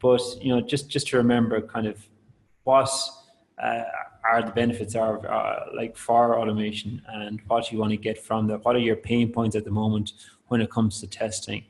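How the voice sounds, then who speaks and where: Low-voiced man giving a rambling webinar. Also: level tone, normal speed, gravelly, poor audio. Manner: loose, rambling delivery with many fillers and restarts. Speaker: product presenter. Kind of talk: webinar talk.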